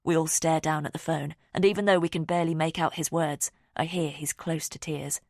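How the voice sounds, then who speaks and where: A woman narrating a thriller audiobook in the first person, measured and even. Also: low-pitched, dry recording, clean studio sound.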